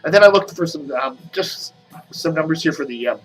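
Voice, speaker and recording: Guy rambling thru his show, bit higher voice, talking funny from a mouth sore, faint music behind. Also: expressive, brisk. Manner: rambling, chatty, reads out numbers. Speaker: host. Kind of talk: casual video commentary.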